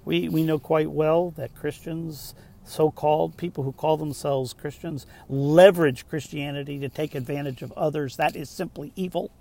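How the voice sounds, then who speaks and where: A pastor preaching a sermon, rising to emphatic points and dropping to soft, slowed asides. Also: male voice, on the high side, fairly even intonation, vocal fry.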